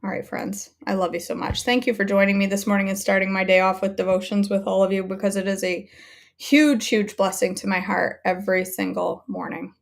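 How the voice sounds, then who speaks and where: A woman hosting a live devotional stream, praying aloud for friends with halting pauses, then chatting to viewers. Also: mid-range voice, little pitch movement, vocal fry. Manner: halting prayer with many ums and restarts, warm repeated thanks. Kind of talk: spoken prayer, then casual sign-off. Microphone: phone or webcam on a live stream.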